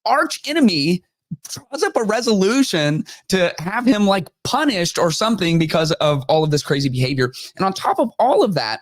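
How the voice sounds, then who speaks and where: A man's voice: sits high, moderate pace, no echo. A man hosting a podcast, giving casual, mocking commentary and acting out the quotes he retells. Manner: animated, mocking, acts out quotes. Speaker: podcast host.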